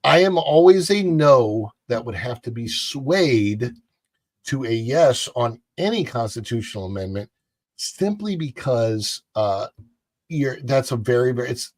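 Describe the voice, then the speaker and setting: A man's voice: mid-range voice, expressive, moderate pace, no echo. Give me a man chatting casually and opinionatedly, rambling through restarts in a dry room. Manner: rambling, many fillers and restarts. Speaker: co-host.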